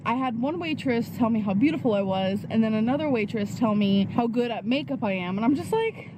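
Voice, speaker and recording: A woman with a slightly high voice chats casually to her camera in vlog style, sprinkling in "like" constantly. Background music plays over a noisy backdrop.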